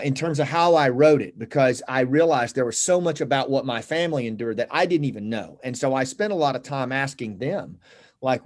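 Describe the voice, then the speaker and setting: A man's voice: medium pitch, a little mellow. Earnest middle-aged man telling his story. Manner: earnest, reflective, halting with fillers. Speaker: guest. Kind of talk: casual conversation, personal storytelling.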